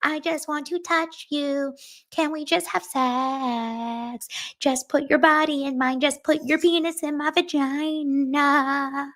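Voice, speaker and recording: A woman putting on the voice of a clingy young woman begging her partner for affection, in a high, whiny, pleading tone. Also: fairly even intonation, slow pace, a bit bright, exaggerated voice.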